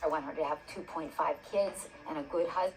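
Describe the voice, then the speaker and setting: Middle-aged mom, soft worried tone, echoey room, music under. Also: female voice, low voice, steady tone, brisk. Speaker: mother on reality TV. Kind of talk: reality TV interview.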